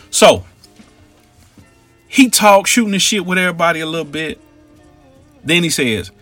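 A man telling a comic story in an animated way, acting out each character in it. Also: a little high, moderate pace, pauses often, husky, soft background music. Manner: animated, acts out every character in his story.

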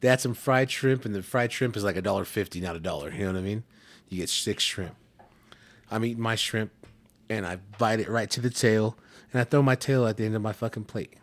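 A man chatting casually on a podcast, telling stories with plenty of swearing and acting out what people said. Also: a little fast. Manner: profane, storytelling, acts out quotes in a high voice. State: eating while talking. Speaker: podcast co-host. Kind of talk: casual chat.

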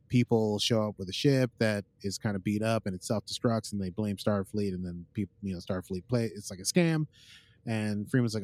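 A man's voice: lowish voice, a little fast, a little mellow, no room sound. A man hosting a podcast, casually recapping an episode in a playful, jokey way that drifts into silly bits. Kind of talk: casual chat.

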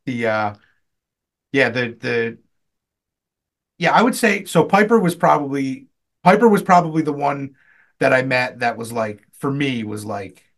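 A man co-hosting a podcast, telling convention stories in a loose, animated way, swearing and jumping up loud when he quotes himself. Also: mid-range voice, unhurried, long pauses. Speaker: podcast co-host. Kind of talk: casual storytelling chat.

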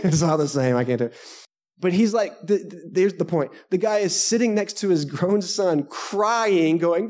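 A male pastor delivers a sermon to a live congregation in a conversational, joking way. His voice sits slightly higher than most men's. He drops self-deprecating asides between his points. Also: moderate pace, a little mellow. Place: church service before a live congregation.

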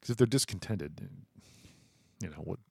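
A man's voice: low-pitched, lively intonation, normal speed, vocal fry, husky, dry recording, studio quality. A man co-hosting a casual sports talk show, loose and joking, often trailing off and restarting.

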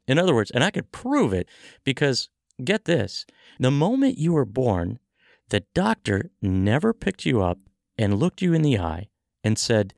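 Animated gravelly-voiced man coaching. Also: medium pitch, dry recording, clean studio sound. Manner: animated storytelling, acting out dialogue. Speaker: podcast host, sales coach. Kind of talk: motivational podcast talk.

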